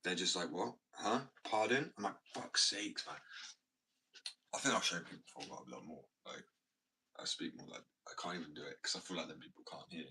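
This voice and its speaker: A skateboard maker rambles through a casual vlog from his workshop, cursing often and sounding fidgety. His voice is a low rumble, fast and pushed with a bright edge, and his intonation stays fairly even. The mic sits at a distance and picks up faint background noise.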